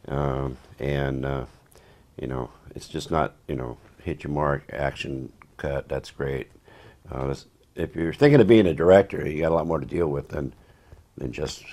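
A man with an extraordinarily low, rumbling voice, recounting stories from a career in acting. He rambles along with dry, wry asides in an easygoing interview manner. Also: a little mellow. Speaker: actor being interviewed. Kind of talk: casual anecdotal storytelling.

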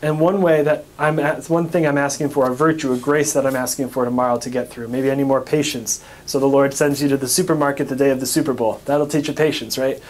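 A man's voice: mid-range voice, fairly even intonation, fast, few pauses. An American man, a priest, recapping a parish teaching talk in a conversational way, asking questions and answering them himself.

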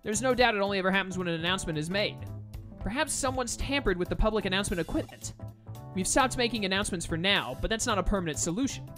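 Man reading anxious polite manager, video game, pitched up a bit, faint music. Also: lively intonation, quick pace, fairly bright tone. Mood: worried. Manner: polite, worried, pleading. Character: fretful middle-aged male aquarium manager.

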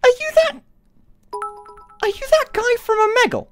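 Storytelling impression: a man acting out an excited armed cop who recognizes someone, high and loud. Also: normal speed, soft background music. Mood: starstruck. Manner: gushing, starstruck, high and loud. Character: excited young male armed police officer.

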